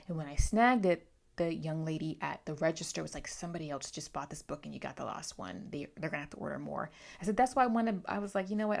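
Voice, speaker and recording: A woman chatting through a casual book haul vlog as a book vlogger, outspoken and talkative, with quick asides. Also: fairly low pitch, vocal fry.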